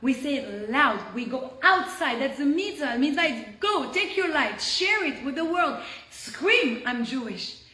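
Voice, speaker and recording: A woman teaching a Torah lesson on a video call. She tells the story with animated energy and drops to a hush when the tension rises. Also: high voice, normal speed, hardly any pauses. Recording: roomy echo.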